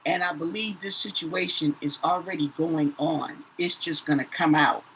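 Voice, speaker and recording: Woman, tarot reader, bright voice, faint room hum. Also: low-pitched, normal speed, rough recording. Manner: says "okay?" after nearly every phrase, repeats herself. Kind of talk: casual tarot reading to viewers.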